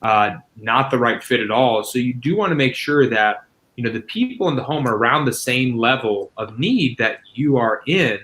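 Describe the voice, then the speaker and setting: Man, guest expert, casual explanatory answers, fillers, mid-pitched voice. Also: lively intonation, normal speed, a bit bright, poor audio. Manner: explanatory, uses "you know" fillers. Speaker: guest expert on senior living.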